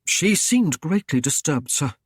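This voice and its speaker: Male narrator voicing a careful, nervous young servant, higher pitch, close dry read. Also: big pitch swings, unhurried, breathy edge, no echo, exaggerated voice. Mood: anxious. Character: anxious loyal young male Saxon servant.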